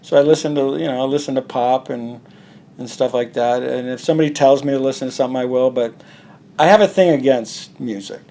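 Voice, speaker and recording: A man's voice: medium pitch, fairly quick, warm tone, a little hiss or hum. A man, a comic artist, talking bluntly and profanely in a casual interview, acting out quoted dialogue.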